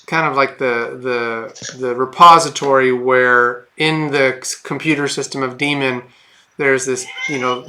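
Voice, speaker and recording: A man's voice: mid-range voice, sharp tone. A man running a tabletop game as game master, narrating in a rambling, hesitant way with many fillers and restarts.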